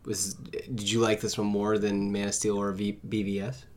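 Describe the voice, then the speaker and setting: A man's voice: fairly low pitch, level tone, moderate pace, a little mellow. A man chatting playfully in a casual film discussion, often trailing off mid-thought. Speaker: podcast co-host. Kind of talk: casual chat.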